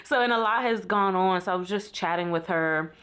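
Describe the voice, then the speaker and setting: A woman records a reflective vlog while sitting in bed in a hotel room, speaking into a small camera. Her voice sits at a middle pitch. She talks in an honest, heartfelt way and leans on frequent "like" fillers. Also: brisk, a bit bright. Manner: candid, heartfelt, many "like" fillers. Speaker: vlogger. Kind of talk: casual reflective vlog talk. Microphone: compact vlog camera.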